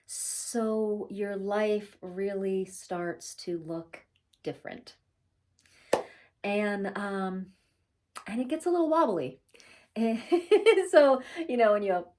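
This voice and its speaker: Slow-talking woman, chatty spiritual vlogger. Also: mid-range voice, a little mellow. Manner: chatty and unhurried, laughs often, many fillers. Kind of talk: casual spiritual talk to camera.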